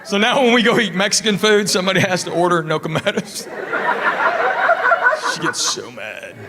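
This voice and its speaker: Middle-aged comic before a roaring crowd. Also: male voice, high voice, normal speed. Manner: deadpan storytelling, punchlines on his wife. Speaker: stand-up comedian. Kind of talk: stand-up routine. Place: comedy stage before a live audience. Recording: echoey live hall, roaring audience, loud noise.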